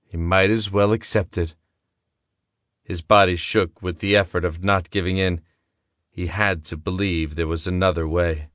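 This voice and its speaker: A man giving steady, measured scripted narration of a story. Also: low-pitched, dry recording, clean studio sound. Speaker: audiobook narrator.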